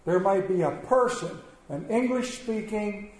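A man's voice: very high-pitched, animated, moderate pace, hardly any pauses, a little mellow. A man in church asking the congregation for donations, questioning them directly. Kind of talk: offering appeal in church. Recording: echoey church hall.

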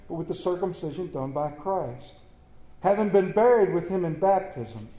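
A man's voice: high-pitched, dark tone, reverberant. A man preaching a folksy sermon, reading scripture and talking conversationally, stumbling a little over words because of a swollen lip.

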